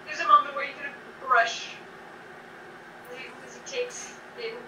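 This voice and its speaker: A high-pitched woman runs a tabletop game, narrating loosely and hesitantly with many restarts. She sits far from the mic in a roomy, echoey space with audible noise behind her. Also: sing-song, moderate pace. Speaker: game master.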